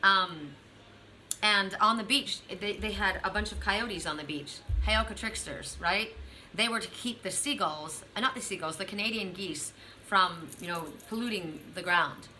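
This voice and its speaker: A middle-aged woman with a bright, forward voice gives a spiritual oracle card reading. She speaks earnestly and straight to the listener, circling back to the same affirming phrases again and again. A faint hiss of noise sits under her voice. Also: medium pitch, normal speed, rough recording. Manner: earnest, repetitive, affirming, addresses the listener directly.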